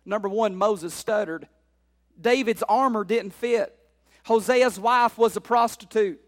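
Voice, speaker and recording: A man preaching a sermon, repeating phrases and asking the congregation questions, building up to shouted exhortations. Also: high-pitched, unhurried, big-room sound. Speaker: pastor.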